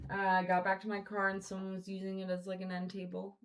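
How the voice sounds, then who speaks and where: A woman's voice: mid-range voice, completely flat delivery, fairly quick, soft background music. A woman hosting a podcast, telling stories in a casual, rambling way full of swearing and fillers. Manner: rambling, profane, filler-heavy. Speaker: podcast host. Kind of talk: casual storytelling chat.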